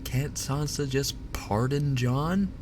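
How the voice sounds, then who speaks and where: A man's voice: mid-range voice, takes it slowly, noisy background. A man streaming live, ranting casually and with exasperation, swearing and laughing as he goes. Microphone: binaural dummy-head mic.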